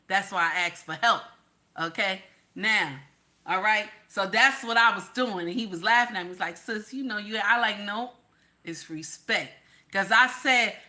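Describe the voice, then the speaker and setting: A woman's voice: medium pitch, sharp tone. A woman host ranting in casual commentary, blunt and profane, repeating her lines for emphasis.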